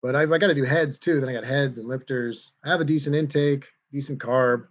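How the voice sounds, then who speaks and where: A man hosting a casual livestream, reading viewer comments aloud in a relaxed, chatty way. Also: mid-range voice, brisk, muffled recording. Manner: laid-back, reads viewer comments aloud and chuckles between them. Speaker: livestream host reading chat. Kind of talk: casual chat.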